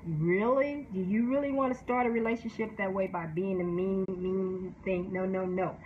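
A woman who is a book promotion specialist giving candid, animated advice in a casual talk, often laughing and briefly mimicking other people's voices. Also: mid-range voice, normal speed. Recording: slightly dull sound with faint background noise.

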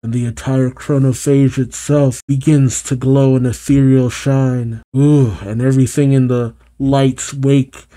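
A man hosting a manga reaction, reading the chapter aloud and breaking off for relaxed, offhand asides. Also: medium pitch, a little slow, hardly any pauses.

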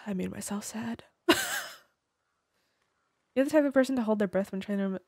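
This game streamer has a mid-range, slightly mellow voice and keeps a moderate pace; the recording is dry and studio-clean. She casually chats with viewers during her livestream, often laughing with playful drama, joking, and swearing a lot.

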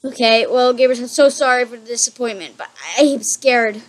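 A frightened woman with a high, light voice talks through a horror game in a room at home. She is jumpy and easily spooked, and keeps apologizing to her viewers. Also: fairly even intonation, brisk. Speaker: gaming channel host.

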